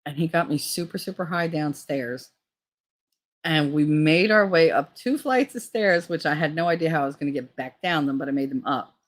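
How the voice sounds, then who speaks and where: A woman's voice: deep voice, animated, normal speed. A woman hosting a casual livestream, telling frank, profane stories and reading out chat comments. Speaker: streamer host.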